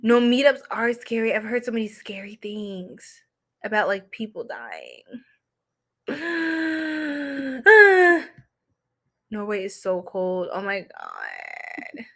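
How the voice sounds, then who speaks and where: A young woman with a fairly high voice chats to her live viewers in a loose, giggly way. She tells stories fast and fills them with likes and ums. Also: expressive, fairly bright tone. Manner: chatty and giggly, many fillers, quick storytelling. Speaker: psychic reader and livestream host. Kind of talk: casual livestream chat.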